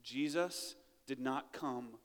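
A man's voice: medium pitch, slow pace. Man preaching in a reverberant church hall. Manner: conversational preaching, asks "right?" often. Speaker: pastor. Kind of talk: sermon. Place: church sanctuary.

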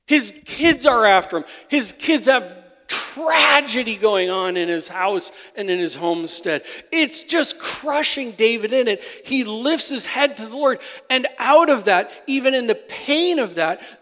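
A male pastor preaching a sermon. He moves between quiet, confiding asides and loud, emphatic declarations. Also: sits high. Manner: impassioned, swings from soft asides to loud declarations. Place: church sanctuary. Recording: long hall reverb.

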